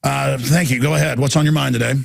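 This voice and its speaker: A man's voice: mid-range voice, steady tone, quick pace, creaky, dry recording, studio quality. A man hosting a call-in radio talk show, ranting and sarcastic as he takes callers. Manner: ranting, sarcastic, mocking put-on voices.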